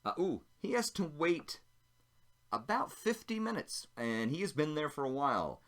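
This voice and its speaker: A man's voice: a little high, big pitch swings, moderate pace, a bit bright. A man narrating a solo tabletop role-playing game, chatting casually and thinking aloud as he rolls dice.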